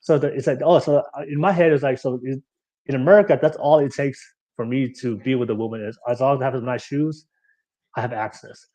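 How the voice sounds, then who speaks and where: A man hosting a podcast talks loosely and animatedly, circling back over his words with restarts and fillers as he tells a story. His pitch sits in an ordinary middle range for a man. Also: fairly even intonation, a little fast, warm tone. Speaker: podcast host. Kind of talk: casual conversation.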